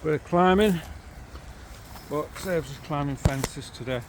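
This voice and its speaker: A man's voice: on the high side, a little slow, slight background noise. Local St Helens man, middle-aged, cheerful casual guide filming a walk outdoors on a handheld camera. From St Helens, England. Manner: chatty, easygoing, cheerful about local sights. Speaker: vlogger guiding a railway walk. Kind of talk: casual walking-tour narration. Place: outdoors by canals and old railway line. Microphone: handheld camera while walking.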